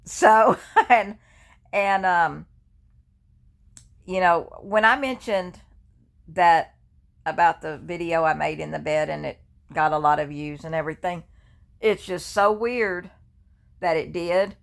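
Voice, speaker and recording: An older woman with a lowish, gravelly voice talks slowly and pauses often while lying in her bed indoors. Holding a phone at arm's length for her personal grief vlog, she rambles casually and chattily, restarting many times.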